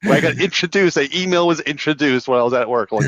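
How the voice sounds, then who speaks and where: A man's voice: fairly high pitch, quick pace, dull audio. A middle-aged man co-hosting a podcast, telling rambling self-mocking work stories in casual chat. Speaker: sales consultant, podcast co-host.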